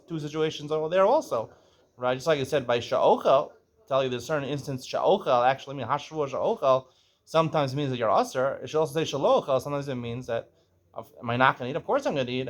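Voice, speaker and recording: A man teaching a page of Talmud. He reads the Aramaic, explains it in English, keeps asking "right?", clears his throat now and then, and sometimes corrects himself as he goes. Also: medium pitch.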